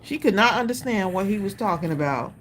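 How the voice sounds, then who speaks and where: A woman's voice: mid-range voice, lively intonation, fairly quick, a little hiss or hum. A woman co-hosting a live stream, chatting and telling family stories. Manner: chatty, reacts with short murmurs and laughs. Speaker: co-host of a live craft stream. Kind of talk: casual chat.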